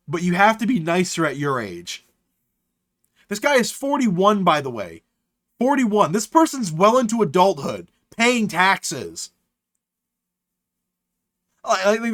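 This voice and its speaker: A streamer giving live reaction commentary, swearing casually and breaking into exasperated, high-pitched rants. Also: fairly bright tone, dry recording, clean studio sound.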